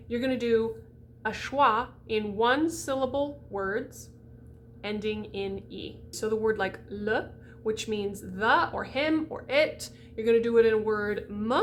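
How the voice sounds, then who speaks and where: A woman's voice: on the high side, fairly bright tone, a little hiss or hum. A woman voice coach giving a diction lesson, demonstrating sounds and speaking directly to the viewer.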